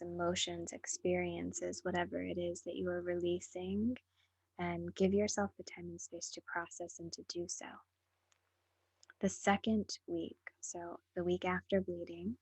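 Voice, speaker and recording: A woman hosting a spoken program, talking slowly and gently with a husky, breathy voice that often drops to a near-whisper. Her tone is earnest and encouraging as she speaks straight to her listeners. The sound is dry and close, with no room around it. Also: lowish voice, dry recording. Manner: soft, breathy and unhurried, drifting into near-whispers. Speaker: podcast host. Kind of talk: slow reflective monologue.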